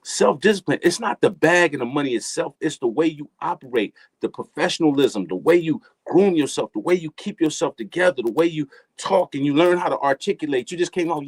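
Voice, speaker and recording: On a dry recording, a middle-aged man with a higher-leaning voice speaks animatedly and a little fast. He's a guest offering casual motivational talk, with preachy, emphatic advice in street slang and phrases repeated for effect.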